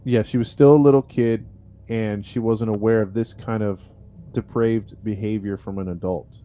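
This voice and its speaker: A man's voice: lowish voice, steady tone, moderate pace, mellow, a little hiss or hum. A man, a podcast host, telling a true-crime story in a casual, chatty way, with lots of fillers and restarts. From United States.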